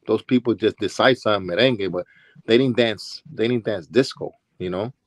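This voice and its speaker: A man's voice: lowish voice, brisk, no echo. Storytelling Brooklyn man. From Brooklyn, New York. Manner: acts out quoted people with voice changes. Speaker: interview guest, former DJ and dancer. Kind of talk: casual storytelling.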